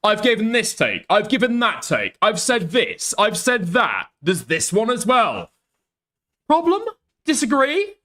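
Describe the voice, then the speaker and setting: A man's voice: wildly swooping pitch, pushed and bright, heavily acted. A man mocking a sneering combative streamer. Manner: high, combative, sneering rapid-fire questions. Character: confrontational adult male streamer, taunting.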